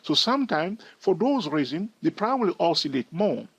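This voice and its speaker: A man's voice: a little high, sing-song, moderate pace, creaky, breathy edge, no room sound. A man teaching trading over a chart, explaining step by step and often checking in with "all right?". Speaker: trading educator.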